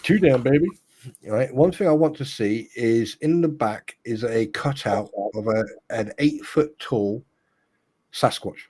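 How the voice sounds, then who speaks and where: A man's voice: medium pitch, unhurried, a little mellow. A man co-hosting a live-stream chat, rambling and teasing with plenty of fillers. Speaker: co-host.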